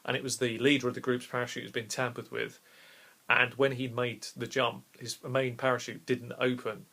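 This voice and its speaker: A man's voice: medium pitch, flat delivery, normal speed, vocal fry, sharp tone. Enthusiastic man telling a story. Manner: rambling with restarts, enthusiastic. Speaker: game master. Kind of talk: casual storytelling to camera.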